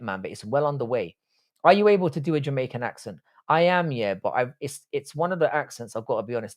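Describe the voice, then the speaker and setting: Blunt, swearing raised man. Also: mid-range voice. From Irish, raised in southwest London. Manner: blunt and profane, reads chat questions aloud then answers. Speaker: livestream panelist answering chat. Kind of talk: casual livestream chat.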